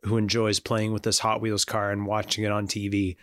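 A man with a lowish voice co-hosts a podcast. He jokes and teases in casual chat, and the sound is dry and close. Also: monotone, fairly quick, fairly bright tone, no echo. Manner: joking, teasing. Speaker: podcast co-host.

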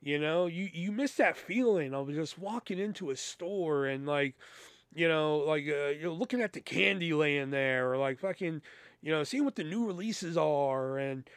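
A man's voice: on the high side, lively intonation, moderate pace, fairly bright tone, clean tone, no echo, studio quality. A man hosting a podcast, telling a casual, rambling story, with lots of swearing and quoted voices acted out. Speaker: podcast host.

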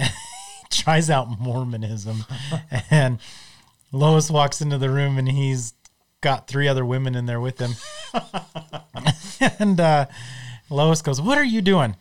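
A man's voice: mid-range voice, slow pace, pauses often. Laid-back man retelling cartoon gags. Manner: retells cartoon scenes, laughing at own jokes. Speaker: podcast co-host. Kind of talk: casual chat.

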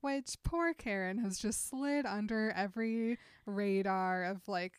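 A woman's voice: medium pitch, measured pace, clean tone, no room sound, studio quality. A woman co-hosting a podcast, retelling a show's plot in a chatty way full of "like". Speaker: podcast co-host. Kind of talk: casual chat recapping a show.

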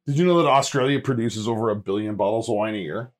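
A man's voice: on the low side, fast. A man co-hosting a casual wine-tasting podcast, trading dry jokes and plain opinions. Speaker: podcast co-host. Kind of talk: casual chat.

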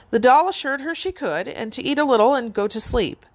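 Woman telling a fairy tale, higher voice. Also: lively intonation, brisk, hardly any pauses. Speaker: storyteller.

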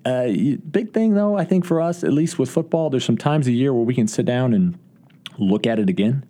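A man's voice: mid-range voice, lively intonation, fairly quick, warm tone. A man who is a college football coach, answering interview questions earnestly, with frequent restarts and fillers. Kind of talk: podcast interview.

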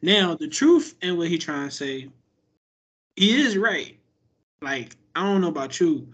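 Husky-voiced man chatting loosely. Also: fairly high pitch. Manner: animated, profane, hedging with restarts. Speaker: podcast co-host. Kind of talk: casual chat.

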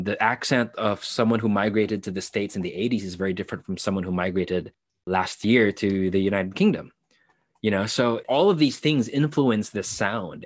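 A man's voice: on the low side, no echo, clean studio sound. A young man with a Filipino English accent, speaking thoughtfully in an interview, expanding on his ideas with occasional self-corrections. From Philippines. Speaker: actor, interview guest. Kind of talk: conversational interview.

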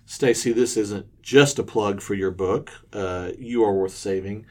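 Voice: low-pitched, a little slow. A podcast host guiding a faith conversation, asking questions and affirming the guests' answers. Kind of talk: hosting a faith talk show.

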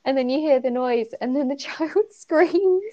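Here a high-pitched, mellow voice moves at a measured pace, belonging to a young woman from the UK co-hosting a podcast. She casually reviews a story she liked, with frequent giggles and plenty of fillers, on a slightly muffled lo-fi recording.

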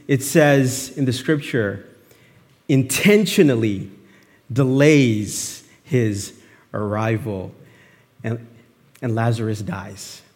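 A man's voice: medium pitch, in a large hall. A man preaching a sermon in a conversational way, asking rhetorical questions and acting out heartfelt pleas to God. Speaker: pastor.

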